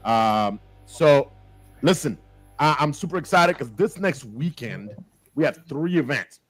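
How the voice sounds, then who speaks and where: Energetic man hosting a livestream. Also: fairly high pitch, a little slow, soft background music. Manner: lively, shout-outs to viewers, mixes in Spanish phrases. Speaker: show host. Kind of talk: casual livestream chat.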